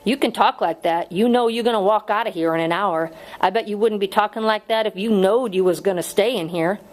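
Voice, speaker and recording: A woman's voice: mid-range voice, a little fast, close to an everyday voice. A woman voicing a bitter, taunting young male prisoner in an audiobook reading, curt and plain-spoken. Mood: sullen.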